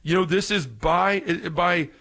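Slightly high-voiced guy preaching on scripture, excitable and earnest, trips over words. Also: a little slow, gravelly. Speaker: Catholic podcast speaker. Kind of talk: impassioned scripture teaching.

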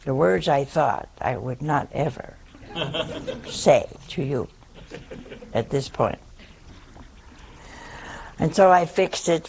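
A woman's voice: low voice, gravelly, a little mellow, breathy edge, rough recording. An older woman, a nun, telling a funny personal story to an audience in a folksy, self-mocking way. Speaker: nun, head of a religious community.

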